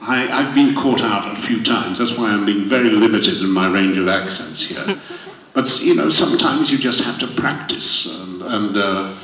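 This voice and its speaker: A man's voice: fairly low pitch, moderate pace, hardly any pauses, fairly bright tone, lo-fi sound, slight background noise. An older man from Wales answering fan questions at a convention panel, genial, rambling and self-deprecating. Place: large convention hall. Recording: echoey hall, distant mic.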